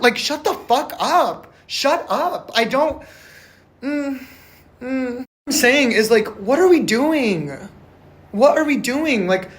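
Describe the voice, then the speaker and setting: A man's voice: extremely high pitch, lively intonation, measured pace, a bit bright. Male vlogger, passionate off-the-cuff rant, swears freely, restless and emphatic. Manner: rambling, emphatic, swears a lot; passionate, frustrated. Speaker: vlogger reviewing a film. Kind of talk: casual monologue to camera.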